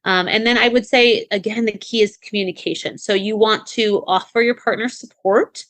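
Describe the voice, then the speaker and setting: A woman's voice: medium pitch, fairly even intonation, moderate pace, fairly bright tone, no room sound. A woman co-hosting a podcast, giving casual advice in a chatty way with many fillers and restarts. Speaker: podcast co-host.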